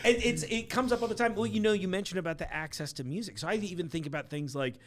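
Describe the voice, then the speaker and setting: A man co-hosting a relaxed podcast, his voice pitched slightly high. He talks in a chatty, joking way and fills in often with short replies while the other man speaks. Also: a little hiss or hum. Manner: chatty, jokey, quick with backchannels. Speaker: podcast co-host. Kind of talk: casual podcast chat.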